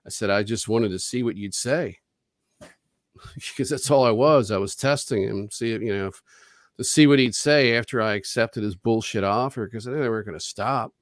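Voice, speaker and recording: On a video call, a man being interviewed as a guest tells a long, rambling story in a casual way, restarting often, swearing, and acting out quoted dialogue. His voice sits fairly low and he speaks at normal speed. The sound is studio quality with no echo.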